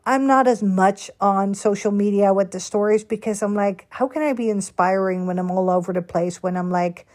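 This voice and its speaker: A woman's voice: mid-range voice, moderate pace, hardly any pauses, a little mellow. Chatty rambling woman podcaster. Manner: rambling, candid and chatty with many fillers. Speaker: podcast host. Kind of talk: casual solo podcast chat. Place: home bedroom.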